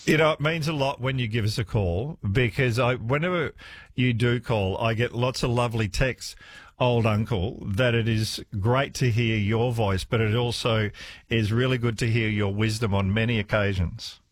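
A man's voice: medium pitch, moderate pace, no echo. Male radio host, midrange voice, easy laughs, reassuring. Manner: warm, laughs often, reassuring. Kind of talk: talkback radio hosting.

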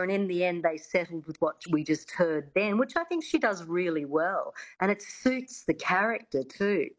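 Woman, coach, lowish voice, chatty radio guest. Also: rough recording. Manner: chatty, explaining with fillers. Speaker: accent coach.

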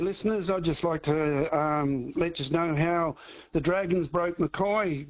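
A man calling in to a radio show, talking haltingly with many fillers and restarts. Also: a little high, poor audio. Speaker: caller. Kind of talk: casual call-in chat.

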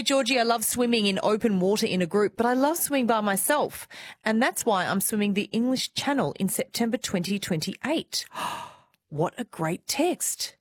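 A woman's voice: on the high side, dry recording. An Australian woman, middle-aged, hosting an afternoon radio show in a bubbly, enthusiastic, chatty way. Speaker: radio host. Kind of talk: lively radio presenting.

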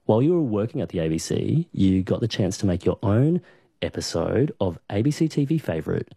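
Female interviewer, expressive pitch, dark mellow tone, dry studio sound. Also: fairly quick, husky, no room sound. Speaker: interviewer host. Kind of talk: interview questions.

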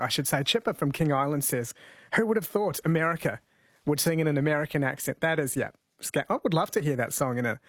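A man's voice: a little high, dry recording. A man hosting a talk radio show, chatting, reading out listener texts and the weather. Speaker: radio host. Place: radio studio. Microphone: studio mic.

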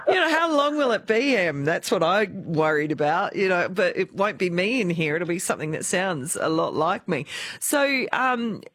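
A woman with an Australian accent hosting a talk radio show, lively and chatty. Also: fairly low pitch, moderate pace, no echo, clean studio sound. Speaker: radio host.

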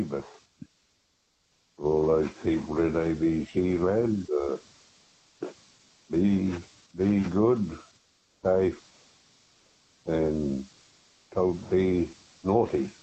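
An older man calling in to a radio show, speaking slowly and giving an unhurried blessing over a muffled phone line. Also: deep voice, dark tone, breathy edge. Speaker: caller.

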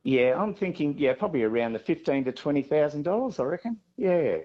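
A man with an Australian accent, a farmer being interviewed, talking haltingly with many fillers and restarts. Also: on the high side, expressive, dark tone, muffled recording.

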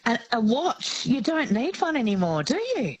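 A woman's voice: a little high, sing-song, moderate pace, breathy edge, muffled recording. A woman co-hosting a talk-radio show, chatting eagerly with callers. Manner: enthusiastic, chatty. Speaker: radio co-host.

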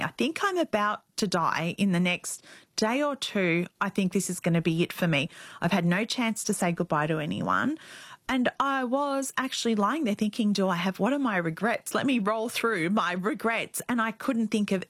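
A woman's voice: mid-range voice, expressive, normal speed, no echo. A woman in her forties, a guest, telling a very personal story in an earnest, reflective way. Her voice rises when she quotes her own thoughts.

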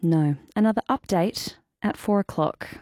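A woman's voice: medium pitch, moderate pace, dry recording, clean studio sound. A woman hosting an afternoon radio show, chatting and laughing with callers in a bubbly manner. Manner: bubbly, giggly, animated. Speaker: radio presenter. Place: radio studio.

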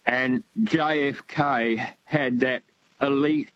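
A man's voice: medium pitch, fairly even intonation, takes it slowly, highs cut off, slight background noise. An older man calling in to a radio show, talking in a rambling, hesitant way with many fillers. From Australia. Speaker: caller. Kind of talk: phone-in call.

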